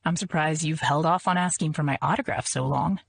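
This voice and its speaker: A woman voicing a suave, wealthy man with a smooth, cultured and dry manner. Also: low-pitched, fairly quick, full character voice. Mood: dry teasing.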